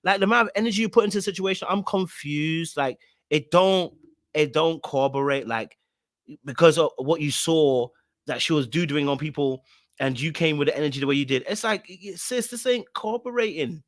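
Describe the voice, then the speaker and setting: A man commenting off the cuff in a fairly high voice, emphatic and blunt, leaning on slang and repetition. His sound is close and completely dry. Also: a little fast, no room sound. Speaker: reaction commentator. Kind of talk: casual reaction commentary.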